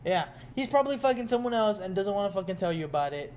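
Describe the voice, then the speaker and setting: Young guy with a high voice, loose and profane, swapping stories with a friend. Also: quick pace, a little hiss or hum. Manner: animated storytelling, heavy swearing. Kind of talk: casual chat.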